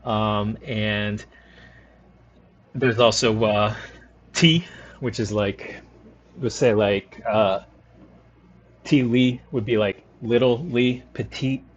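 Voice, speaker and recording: A man from the New Orleans area giving rambling, relaxed commentary while streaming a game. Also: on the low side, drawn-out words, long pauses, lo-fi sound. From New Orleans area, Louisiana. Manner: rambling, lots of fillers, relaxed. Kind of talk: casual commentary over gameplay.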